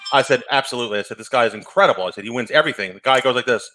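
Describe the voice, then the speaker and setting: A man co-hosting a casual show, telling a story in a fast, animated way. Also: medium pitch, faint music behind, rough recording. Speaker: co-host.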